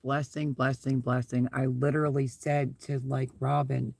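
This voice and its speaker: A man's voice: medium pitch, level tone, normal speed, gravelly, a little mellow, no room sound. A man hosting a casual live stream from inside his SUV, rambling through stories and repeating his thanks while he reads out viewer comments.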